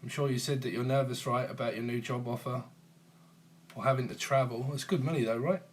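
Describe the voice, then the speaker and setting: Speaking a little fast in a medium-pitched, fairly even voice, an Englishman in his 40s hosts a casual tarot live stream from his phone. There's slight background noise as he jokes and teases with viewers, chuckling often.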